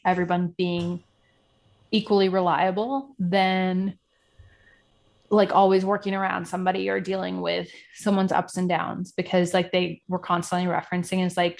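Puerto rican lady gabbing about tv, low gravelly voice, lots of "like". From Puerto Rico. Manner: chatty, filler-heavy, animated asides. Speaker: podcast co-host. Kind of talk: casual chat about reality TV.

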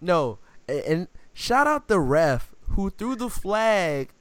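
A man co-hosting a casual sports podcast, telling animated stories and acting out quotes in slang. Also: sits high, takes it slowly, clear, resonant tone, dry recording. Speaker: podcast co-host.

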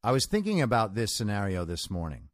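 A man's voice: fairly low pitch, huge pitch swings, fairly quick, no room sound, clean studio sound. A man hosting a show, delivering a solo commentary monologue in a conversational, emphatic way and telling stories to make his points. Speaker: show host.

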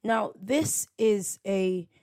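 A woman's voice: medium pitch, extremely slow, a little mellow. A woman hosting a solo faith podcast, talking in a reflective, conversational way with many rhetorical questions. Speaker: podcast host.

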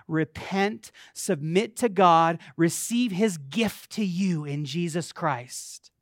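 Male pastor, high voice, dry close mic; emphatic sermon delivery, addresses the congregation directly. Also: no echo. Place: church sanctuary.

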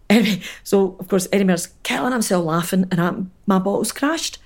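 Animated Scottish woman telling stories. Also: mid-range voice, a little fast, few pauses. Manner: animated storyteller, doing voices. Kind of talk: casual chat. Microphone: video call.

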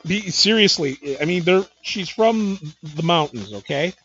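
A man's voice: high-pitched, lively intonation, measured pace, a bit bright, dull audio, slight background noise. A man hosting a podcast interview, chatting casually and rambling through stories with lots of fillers. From Midwest United States. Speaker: podcast host.

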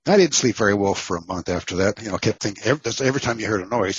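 A man's voice: lowish voice, racing, hardly any pauses, husky, no echo, highs cut off. A man from Texas, an author telling stories in an interview, rambling with many fillers and restarts. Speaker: author guest. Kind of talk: casual storytelling interview.

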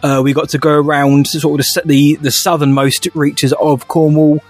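A young man co-hosts a casual podcast chat, joking and upbeat. His voice sits a touch high, with soft music faintly underneath. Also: flat delivery, normal speed. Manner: jokey, upbeat banter. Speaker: podcast co-host.

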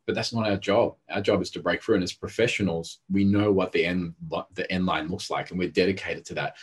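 A man with a very low, husky voice who talks quickly and intensely. He tells stories in a casual podcast chat and acts out the people in them. His delivery is driven and animated. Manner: intense, storytelling, acts out quotes. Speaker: therapist and coach.

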